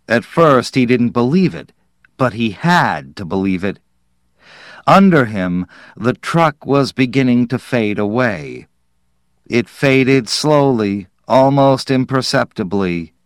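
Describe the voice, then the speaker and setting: Slow, measured male storyteller. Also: mid-range voice, dry recording, clean studio sound. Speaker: narrator. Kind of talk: audiobook narration.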